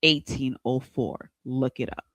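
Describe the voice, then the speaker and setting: A man co-hosting a podcast who chimes in with quick, teasing interjections. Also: mid-range voice, fairly even intonation, fairly bright tone, dry recording. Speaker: podcast co-host. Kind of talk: casual chat.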